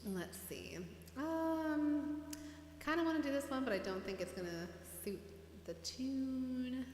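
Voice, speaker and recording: A woman's voice: sits high, lively intonation, unhurried, a little mellow, reverberant, in a large hall, slight background noise. A woman musician hosting a livestream, chatting casually and rambling in a self-deprecating way between songs.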